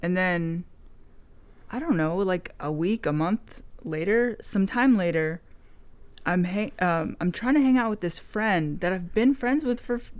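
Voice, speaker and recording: A woman's voice: lowish voice, lively intonation, a little slow, darkish tone. A woman video blogger in casual chat, telling a rambling story frankly and swearing freely.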